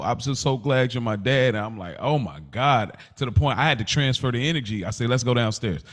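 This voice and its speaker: A man co-hosting a casual podcast, telling a personal story with emotion and asking reflective questions. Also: medium pitch. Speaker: podcast co-host.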